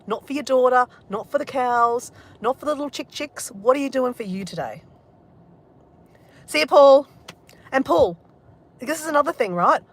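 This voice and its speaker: A woman's voice: a little high, a bit bright. A woman vlogging in casual talk, candid and emotional, and swearing freely.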